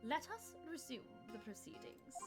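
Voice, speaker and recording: A formal older judge in a game, mild and stately, as a woman puts him on. His lowered voice moves expressively from word to word, and game music plays behind him. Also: lively intonation, moderate pace.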